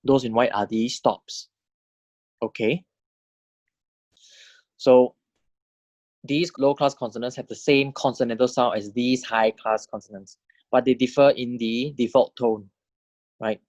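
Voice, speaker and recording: A man's voice: medium pitch, fairly even intonation, measured pace, long pauses, darkish tone, no echo, muffled recording. Patient man lecturing, often checking "right?". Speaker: language teacher. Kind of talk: recorded lecture.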